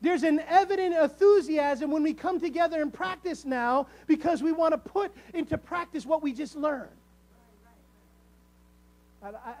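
This is a high-pitched man giving a sermon to his flock, in the manner of a preacher at the pulpit. The sound is a touch mellow, with slow, drawn-out key words and a build toward emphatic appeals.

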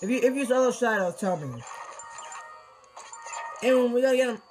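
A high-pitched teenage boy talks through a game in loose, casual commentary, tripping over his words and breaking into sudden exclamations. Faint game music plays softly behind him. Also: moderate pace, poor audio. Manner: excitable, rambling, frequent restarts and exclamations. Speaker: gameplay commentator.

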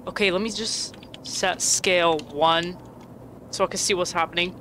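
A young woman giving casual, excitable commentary while playing a video game, laughing and shrieking often. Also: on the low side, moderate pace, a little hiss or hum. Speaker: gaming streamer.

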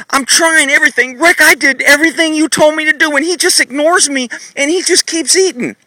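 A man's voice: very high-pitched, extremely slow, sharp tone, no room sound, pitched above the performer's own voice, exaggerated voice. A man playing a frustrated horse owner who nags his horse and sighs in exasperation, outdoors in a paddock, filmed on a phone. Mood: exasperated nagging. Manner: exasperated, pleading, sighing. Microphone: phone camera held while filming.

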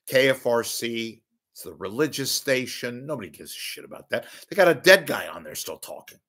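A middle-aged podcast host from the San Francisco Bay Area launches into a profane, sneering rant of media commentary. His husky, mid-range voice is sing-song, fairly quick, bright, and forceful.

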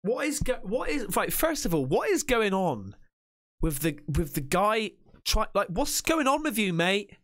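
A man's voice: sits high, sing-song, unhurried, fairly bright tone. A man hosting a reaction video, jumpy and freaked out, swearing and talking back at the clip. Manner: rambling, talks back at the clip. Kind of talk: casual reaction commentary.

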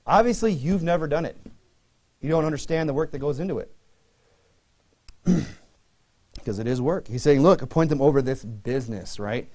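A pastor preaching a sermon in a conversational way, mixing scripture reading with humorous personal stories. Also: male voice, mid-range voice, lively intonation, fairly quick, darkish tone.

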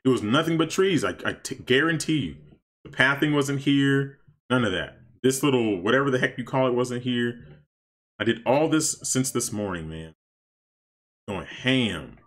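A man casually commenting on his gameplay for stream viewers, chatty and excitable, talking to his chat. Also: medium pitch, moderate pace. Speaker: streamer playing a life-sim game.

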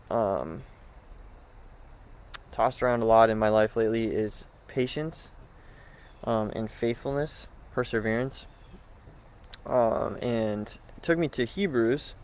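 A man giving a short morning church devotional, hesitant with many pauses and restarts, then reading scripture aloud. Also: lowish voice, poor audio.

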